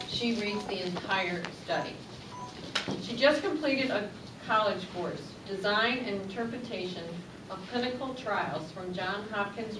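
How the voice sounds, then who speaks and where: A woman formally introducing the next speaker to a small audience. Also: mid-range voice. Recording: echoey room from a distance with noise.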